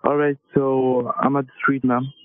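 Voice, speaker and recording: A man's voice: mid-range voice, flat delivery, moderate pace, no echo. A man calling as a scam caller, hesitant and apologetic, stammering as he talks. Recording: tinny phone line.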